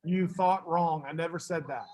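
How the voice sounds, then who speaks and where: A man teaching a math class, brisk and teasing, fussing at students and then reassuring them. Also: a little high, steady tone, a little mellow.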